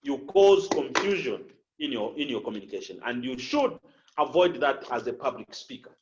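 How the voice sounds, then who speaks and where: A man coaching public speakers, slow and deliberate, repeating key phrases and showing inflection with his voice. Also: mid-range voice, very animated, lo-fi sound, slight background noise. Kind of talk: instructional talk with spoken examples.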